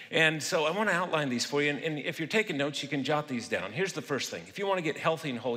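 A man's voice: medium pitch, fairly bright tone. A middle-aged man delivering a sermon, talking casually and asking the congregation questions. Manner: conversational, asks the audience questions. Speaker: guest pastor and psychologist. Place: church auditorium. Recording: long hall reverb.

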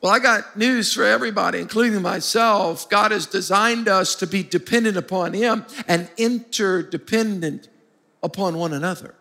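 High, bright pastor preaching. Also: male voice, moderate pace, gravelly. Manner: emphatic, calls for congregation responses. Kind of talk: sermon. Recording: long hall reverb.

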